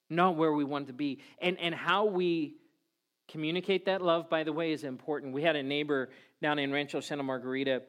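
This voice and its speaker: A middle-aged male pastor delivering a sermon to his church. His voice sits a bit high for a man, and he is animated, slipping into little acted voices as he tells stories. He speaks like a man addressing a congregation.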